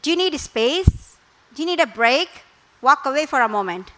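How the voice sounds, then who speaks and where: A middle-aged woman gives a parenting talk as a guest speaker, drawing on her work as a therapist. Her voice sits high and sounds bright. She speaks calmly and instructively. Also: normal speed, rough recording. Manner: calm, instructive, with acted quotes.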